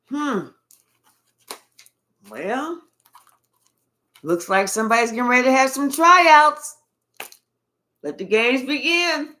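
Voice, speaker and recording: Woman tarot reader, sassy drawl, slow, fairly high voice. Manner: animated, drawling, sassy, talks to spirit and viewers. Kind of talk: live tarot reading, casual chat.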